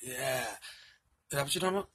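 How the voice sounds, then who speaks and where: A man's voice: mid-range voice, fast, a bit bright, a little hiss or hum. A man in casual chat, rambling and venting with heavy profanity.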